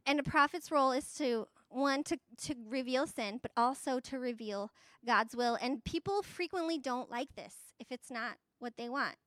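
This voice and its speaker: A woman with a high voice teaches a Bible passage in a relaxed, conversational way. She talks chattily, with fillers and tag questions, and laughs lightly as she explains. Her voice sounds close and dry. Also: moderate pace, dry recording. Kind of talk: casual Bible lesson.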